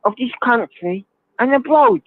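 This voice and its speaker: A whiny, preachy Cockney celebrity, put on by a man, drawing out his sermon in a high, nasal voice. The sound is thin and phone-like, with no room echo. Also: expressive, full character voice. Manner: lecturing, drawn-out. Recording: tinny phone-like line, dry.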